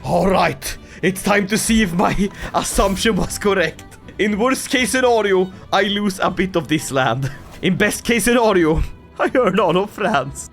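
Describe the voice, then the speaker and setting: Brief: high, animated man narrating strategy gameplay, theatrical bursts of glee, faint music under. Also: unhurried, gravelly. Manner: excitable, theatrical, laughs often. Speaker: gaming video creator.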